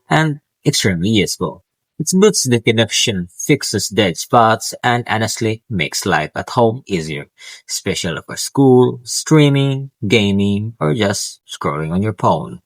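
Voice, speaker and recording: A man's voice: on the low side, creaky, dry recording. A male student vlogger casually and eagerly talking through his home tech, with small slips and restarts. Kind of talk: casual tech vlog talk. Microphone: clip-on wireless mic.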